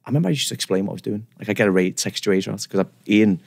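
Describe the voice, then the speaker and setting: Speaking fast in a lowish, gravelly voice, the barber guest tells animated, rambling stories on a chatty podcast. He often restarts and readily makes fun of himself.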